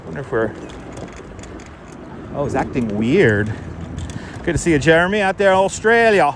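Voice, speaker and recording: A somewhat high-voiced man talks loosely and cheerfully as he cycles, calling out hellos to viewers by name. Wind and street traffic roar around his clip-on mic outdoors. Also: very animated, moderate pace. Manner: chatty, greets viewers by name, loose and upbeat. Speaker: live-streaming bike vlogger. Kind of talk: casual live-stream chat while cycling. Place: outdoors riding a bike through city streets. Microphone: wireless clip-on mic.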